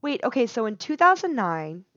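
A woman co-hosting a podcast in casual chat, playful and quick to react. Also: on the high side, very animated, a bit bright. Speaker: podcast co-host. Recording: dry, dull-sounding mic.

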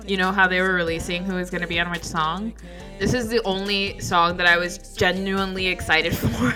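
Bright-voiced woman gushing in casual chat. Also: medium pitch. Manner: animated, emphatic, playfully defensive. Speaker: podcast co-host.

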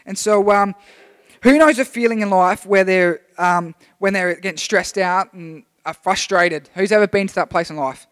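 High-voiced man preaching in a hall. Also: normal speed, a bit bright, smooth. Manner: chatty, rambling, with many restarts. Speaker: youth preacher. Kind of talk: casual sermon. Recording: long hall reverb.

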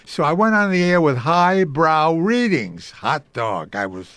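A man's voice: fairly high pitch, sing-song, a little slow, a bit bright, no echo. An older man telling stories about his early radio career in an interview, acting out the voices of the people he quotes. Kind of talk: storytelling interview.

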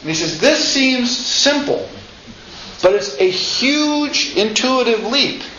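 A man's voice: very high-pitched, animated, slow, sharp tone. A man giving an informal lecture, chatty, often asking "right?" and acting out quotes. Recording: echoey room, slightly dull sound, faint noise.

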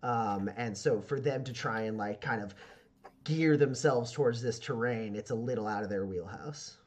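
A man's voice: medium pitch, normal speed, slight background noise. A man narrating as game master, rambling with many fillers and restarts.

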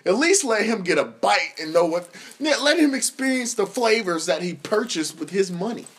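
A young man tells comedic stories on his podcast, swearing freely and laughing as he talks. His voice sits a little high for a man. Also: moderate pace, husky. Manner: profane, animated, laughs through his stories. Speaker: podcast host. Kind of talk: comedic storytelling monologue.

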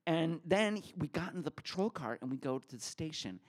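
A man telling a personal story at a live story slam, lively and animated. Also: fairly high pitch, fairly quick. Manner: animated, acts out the other people in his story. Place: theater stage before a live audience.

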